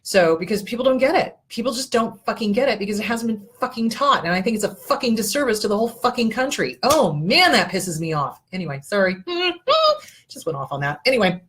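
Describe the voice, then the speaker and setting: A middle-aged woman with a husky voice hosts her own weekly show as a therapist. She talks bluntly and passionately, swears freely and wanders from point to point. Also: fairly high pitch, animated, fast talker, hardly any pauses. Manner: blunt, profane, passionate, rambling. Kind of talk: solo livestream talk.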